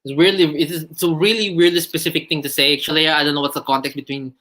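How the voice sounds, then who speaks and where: A man's voice: a little high, fairly even intonation, quick pace, pushed and bright. A man joining as a guest on a casual livestream, hesitant and searching for words.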